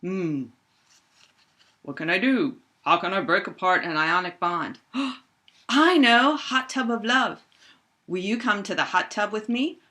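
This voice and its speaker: A middle-aged woman teaching a high school chemistry lesson, playfully acting out reactions with toy bears. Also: unhurried. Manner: animated, acts out toy bears in squeaky voices. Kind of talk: playful classroom lesson with toys.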